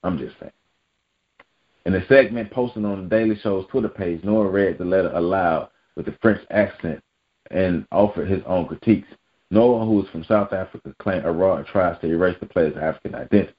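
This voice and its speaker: A man's voice: low-pitched, moderate pace, dull audio. A man reading a news article aloud and breaking in with blunt, profane asides as a vlog commentator. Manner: blunt, profane, emphatic asides between read-out passages. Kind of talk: reacting to a news article on camera.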